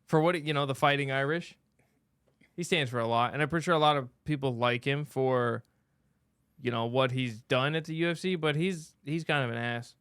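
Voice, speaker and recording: A man co-hosting a casual podcast, talking in animated, profane banter into a close microphone. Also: mid-range voice, moderate pace, clean tone, dry recording. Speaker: podcast co-host.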